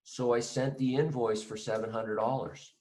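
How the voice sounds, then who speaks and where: A man's voice: mid-range voice, little pitch movement, moderate pace, a little mellow. A man teaching an accounting lesson in a conversational way, acting out both sides of a phone call with a client.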